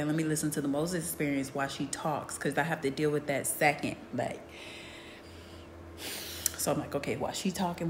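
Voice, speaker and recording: A woman telling a story in casual chat. She talks emphatically, often ends points with "period", and swings between hushed asides and loud bursts. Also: sits low, slight background noise.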